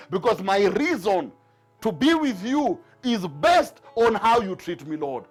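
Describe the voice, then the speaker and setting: Soft music plays behind a man with a high-pitched, slightly rough voice as he preaches to a Bible class at a moderate pace. Animated and emphatic, he keeps driving points home through repetitive rhetorical questions.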